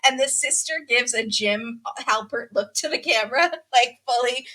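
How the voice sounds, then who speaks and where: A woman hosting a podcast, chatting casually and telling a story with lively acted-out quotes. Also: fairly high pitch, normal speed, faint music behind. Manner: animated storytelling, acts out quotes. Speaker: podcast host. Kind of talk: casual chat, recapping a reality show.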